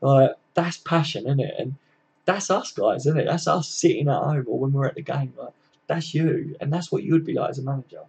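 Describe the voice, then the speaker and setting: A gravelly, husky-voiced man talks casually on a live stream. He chats loosely, swears freely and answers viewers as he goes. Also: mid-range voice, a little fast, a little mellow. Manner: chatty, sweary, reads out viewer comments. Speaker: livestream host. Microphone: computer mic, live stream.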